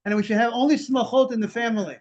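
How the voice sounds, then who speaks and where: High-voiced man teaching Talmud on a call. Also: fast. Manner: animated explaining, translating Hebrew and Aramaic phrases. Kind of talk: Talmud class lecture. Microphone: video call. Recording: dull lo-fi video call audio.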